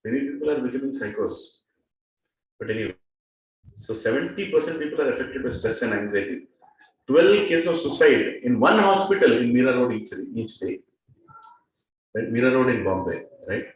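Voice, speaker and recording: A man's voice: mid-range voice, lively intonation, normal speed, long pauses, distant mic. Indian man lecturing in an echoey hall. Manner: questions the audience, laughs often. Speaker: spiritual teacher. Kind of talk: lecture to a class.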